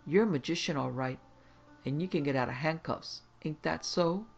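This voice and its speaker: Man playing gruff suspicious constable O'Brien. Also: a little high, moderate pace, highs cut off, soft background music. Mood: gruff questioning. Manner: blunt, barking, rustic grammar. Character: gruff suspicious male small-town constable, about forty.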